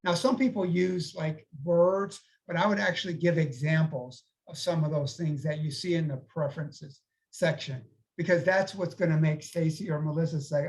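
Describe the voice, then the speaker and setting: A man's voice: on the high side, fairly even intonation, normal speed, low-quality recording. A man working as a recruiter, giving conversational career advice on a panel and checking in with his listeners as he goes. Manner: conversational, advising with frequent "okay?" check-ins.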